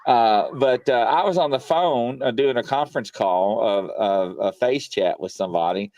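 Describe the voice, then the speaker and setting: A man hosting a paranormal show from his home studio, telling stories in a rambling, animated way full of fillers. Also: medium pitch, normal speed. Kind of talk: casual live-stream chat.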